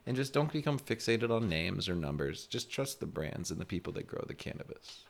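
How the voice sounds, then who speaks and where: A man's voice: low voice, big pitch swings, brisk, gravelly. A young man co-hosting a podcast, talking in a laid-back, slangy way and laughing often. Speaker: podcast co-host. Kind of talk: casual chat.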